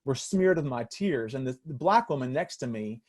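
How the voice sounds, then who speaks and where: A man's voice: mid-range voice, lively intonation, normal speed, a little mellow. A man, a pastor, telling a story in an earnest, reflective sermon style with frequent restarts, speaking over a video call.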